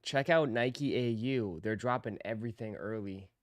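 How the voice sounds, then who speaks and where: A man's voice: lowish voice, normal speed, no echo, studio quality. A man hosting a sneaker live stream, chatting casually with viewers in a laid-back, teasing, slangy way.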